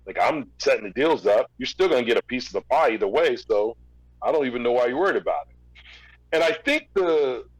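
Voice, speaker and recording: A man's voice: mid-range voice, animated, a little fast, dry recording, poor audio. A middle-aged man, a former record label executive, tells a story as a podcast guest, acting out both sides of each exchange and often restarting his sentences. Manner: recounts events through quoted back-and-forth dialogue; frequent restarts and repeated words. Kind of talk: storytelling in a casual interview.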